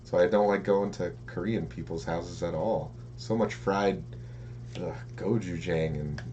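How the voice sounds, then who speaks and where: A man's voice: sits low, steady tone, measured pace, mellow, a little hiss or hum. A man chiming in with jokes and agreement in a casual podcast chat. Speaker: podcast co-host. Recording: dull lo-fi sound.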